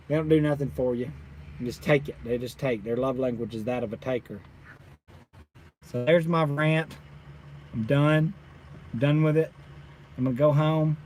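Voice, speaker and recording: A man who runs a solar installing business, ranting casually to viewers with animated exasperation. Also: on the high side, a little hiss or hum. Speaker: solar installer, channel owner.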